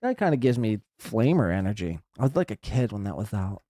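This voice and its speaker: A man's voice: lowish voice, very animated, quick pace, warm tone. A man hosts a live podcast, mocking the clips he plays in a crude, sarcastic way. His voice rises and falls a lot as he talks. The sound is dry and close, with no room echo. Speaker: podcast host reacting to clips. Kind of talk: casual live commentary over clips.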